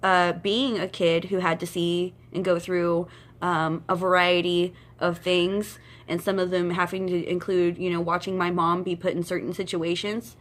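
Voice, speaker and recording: Blunt, low-voiced woman giving psychic advice. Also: flat delivery, moderate pace. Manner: blunt, emphatic, repeats points, talks straight to viewers. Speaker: twin flame psychic advisor. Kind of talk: casual spiritual advice monologue.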